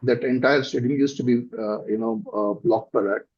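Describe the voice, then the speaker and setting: A middle-aged man with a South Indian accent, answering interview questions as a company director in a thoughtful, halting way with many fillers. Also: mid-range voice, steady tone, darkish tone, slight background noise. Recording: dull lo-fi recording.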